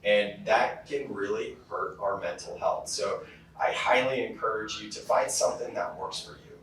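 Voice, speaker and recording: A man's voice: lowish voice, moderate pace, fairly bright tone, slight background noise. Casual male keynote speaker in an echoey hall. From California. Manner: casual storytelling with many fillers. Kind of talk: motivational keynote talk. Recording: very echoey hall, heard from far off.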